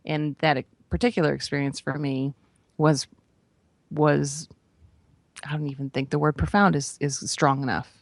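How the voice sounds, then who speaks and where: Woman, spiritual teacher, gravelly voice, dry close sound, conversational storytelling, keeps asking right?. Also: low-pitched, level tone, normal speed, pauses often, dry recording. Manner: conversational, often adds "right?" and "you know". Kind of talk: personal storytelling in a spiritual talk. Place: radio broadcast.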